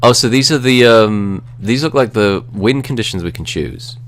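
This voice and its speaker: Low-voiced man reading game text aloud. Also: normal speed, a crowd in the background. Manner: reads game text aloud, chatty with laughs. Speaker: co-host playing a game. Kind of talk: casual gaming chat.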